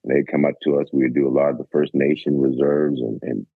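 A man's voice: extremely low pitch, fairly even intonation, fast talker, gravelly, slightly rough, no echo. A Canadian man in his forties, a guest telling stories about his basketball days in a laid-back, rambling way. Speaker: guest, former basketball player. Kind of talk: casual storytelling. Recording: dry, phone-like narrow sound.

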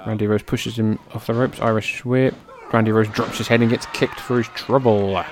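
A man calling old wrestling footage play-by-play as a fan, in a relaxed way that bursts into excited swearing. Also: on the low side, moderate pace, a crowd in the background. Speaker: fan commentator.

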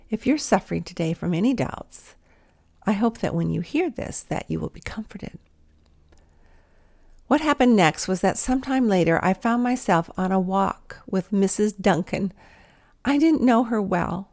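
A woman's voice: medium pitch, a little slow, vocal fry, darkish tone. A woman giving a devotional talk in an earnest, intimate manner, sometimes dropping to a whisper. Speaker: Christian speaker.

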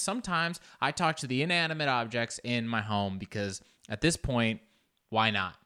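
A male comedian talks alone into his podcast mic at home, in a loose, rambling monologue. He mocks himself, swears freely and jumps up high in pitch whenever he wants to make a point. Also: brisk, clear, resonant tone. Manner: rambling, joking and self-mocking, with frequent swearing; animated, with sudden jumps up in pitch for emphasis. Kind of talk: casual solo podcast monologue.

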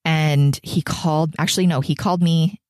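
Podcast host, woman in her 30s, pregnant, low voice, candid and meandering, dry close mic. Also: steady tone, moderate pace, a little mellow, no room sound. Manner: candid, emotional, rambling with many fillers. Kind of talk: reflective solo podcast.

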